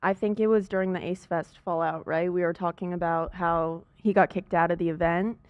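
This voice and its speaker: A woman with a fairly low voice recounts events quickly in a casual podcast chat. The sound is dry and a little dull, from a lo-fi mic. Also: steady tone, no echo. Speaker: podcast crew member.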